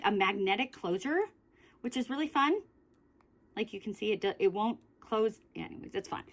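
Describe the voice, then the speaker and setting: A young woman beauty vlogger chatting casually through a product review, rambling with many fillers. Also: mid-range voice.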